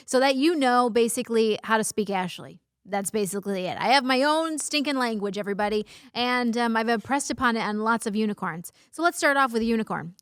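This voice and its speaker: A woman's voice: a little high, fairly bright tone, no echo, studio quality. A woman in her thirties hosting a casual vlog, bubbly and playful, making jokey asides and censoring herself. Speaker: vlog host. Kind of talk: casual talking-head vlog.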